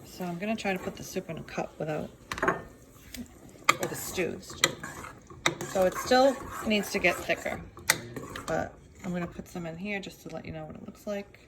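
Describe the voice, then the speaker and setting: A woman's voice: lowish voice, normal speed, pauses often. A woman giving a casual cooking demo in a kitchen, chatting as she goes. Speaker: cooking teacher. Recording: noisy kitchen with clattering dishes. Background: pots and dishes clattering.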